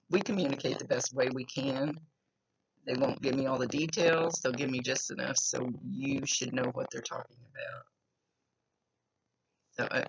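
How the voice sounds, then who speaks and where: A woman's voice: very deep voice, gravelly. A woman psychic medium talking casually in a chatty, rambling way during a reading. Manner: chatty, rambling, laughs often. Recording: lo-fi with faint noise.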